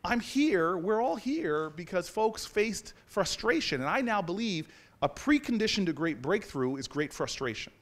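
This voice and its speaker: Male guest speaker in his forties, self-mocking storyteller, bright and lively voice. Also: high voice, moderate pace. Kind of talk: storytelling speech to an audience. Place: university lecture hall.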